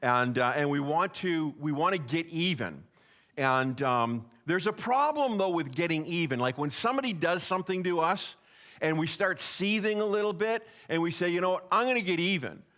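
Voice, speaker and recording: A man's voice: fairly high pitch, animated, normal speed, fairly bright tone. A man, a pastor, preaching a sermon in a church in a folksy, joking way, speaking straight to the congregation. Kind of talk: sermon with jokes. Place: church sanctuary.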